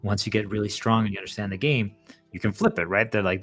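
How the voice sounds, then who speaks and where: Faint music plays behind a channel host whose voice sits on the low side and moves fast. He addresses viewers in a loose, lively ramble full of "like" fillers, voicing the people he quotes.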